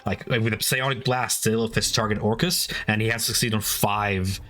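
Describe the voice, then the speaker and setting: A man's voice: fairly low pitch, steady tone, normal speed, bright, forceful tone. A man acting as game master, explaining the rules and laughing easily. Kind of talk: running a tabletop game. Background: background music.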